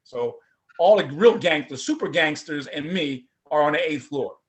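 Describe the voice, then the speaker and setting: A middle-aged man, a former prosecutor, telling his personal story at a forum in a lively, conversational way. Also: on the high side, normal speed. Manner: animated, conversational, acts out voices.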